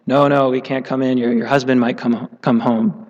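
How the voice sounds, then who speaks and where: A man voicing two polite young boys, speaking slowly and plainly in a hall with long reverb. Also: medium pitch, little pitch movement, a little mellow, lo-fi sound, close to an everyday voice. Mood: earnest.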